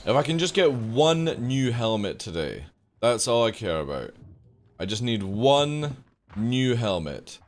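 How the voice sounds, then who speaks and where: A man's voice: medium pitch, big pitch swings, a little slow. A young adult man streaming a game live, chatting casually with his viewers, joking and swearing freely. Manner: profane, joking, talks to chat. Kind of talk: casual live gameplay chat.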